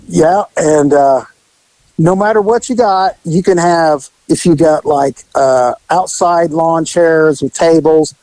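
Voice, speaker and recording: Male podcast storyteller, relaxed and wry, higher voice, dry booth sound. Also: slow, dry recording, low-quality recording. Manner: laid-back, wry storyteller. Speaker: co-host telling a story.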